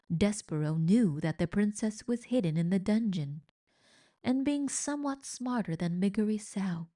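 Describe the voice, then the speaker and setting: A woman reading a children's book aloud as narrator, with slow, expressive storytelling. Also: medium pitch.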